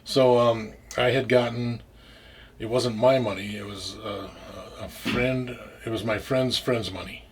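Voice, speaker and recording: A man's voice: medium pitch, steady tone, unhurried, slight background noise. A man telling a story in casual talk, rambling with restarts and frequent swearing. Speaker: interview guest.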